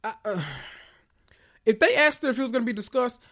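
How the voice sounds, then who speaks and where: Animated, profane male podcast host. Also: very high-pitched, a little fast. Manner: animated, profane, emphatic repetition. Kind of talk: casual reality TV recap.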